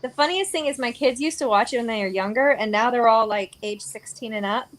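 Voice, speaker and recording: Woman, forties, host, casual chat, laughs easily, higher voice. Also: fairly quick, a bit bright, poor audio.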